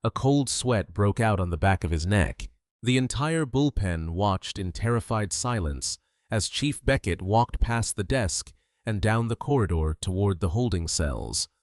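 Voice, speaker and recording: Low-voiced male story narrator. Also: expressive, a little slow, no room sound, clean studio sound. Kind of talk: scripted dramatic story narration.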